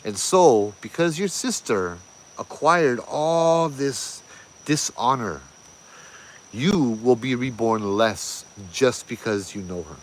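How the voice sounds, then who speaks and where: A man with a Hawaiian Pidgin accent, casually telling ghost legends with lively, laughing asides. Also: medium pitch, slow, slight background noise. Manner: animated, laughing, pidgin phrasing. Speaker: ghost story host. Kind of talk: casual storytelling.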